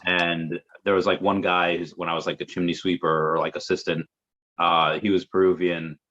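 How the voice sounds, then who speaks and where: Guest: low-voiced man, rambly chatty delivery, dull lo-fi audio. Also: flat delivery, normal speed, fairly bright tone. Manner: rambling, chatty, with many fillers. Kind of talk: casual conversation. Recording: muffled lo-fi audio.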